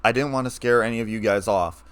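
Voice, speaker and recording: A man reading a story aloud, playing a scarred, weary ex-soldier who speaks in a low, flat, calm way. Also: quick pace, smooth, lightly acted.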